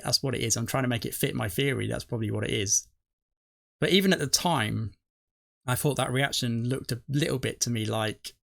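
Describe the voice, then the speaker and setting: A man's voice: mid-range voice, vocal fry, a bit bright. A middle-aged man, rambling through his theories on a reaction video and correcting himself as he goes. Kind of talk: casual rambling commentary.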